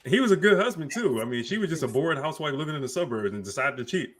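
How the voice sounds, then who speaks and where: A man's voice: fairly high pitch, animated, racing. A man co-hosting a podcast, talking bluntly and emphatically with plenty of profanity in casual chat. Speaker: podcast co-host.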